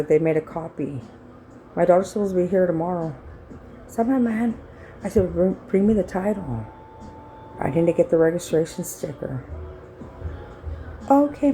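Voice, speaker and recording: A middle-aged woman vlogger tells a rambling, blunt and salty story, acting out what people said. Her voice is low and mellow, and the low-quality recording has some hiss or hum.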